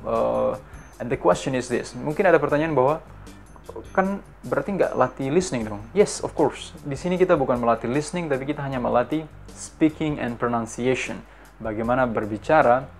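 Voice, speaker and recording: A man's voice: medium pitch, vocal fry. A man with an Indonesian accent teaching an English lesson, explaining each point twice by switching languages, with many fillers.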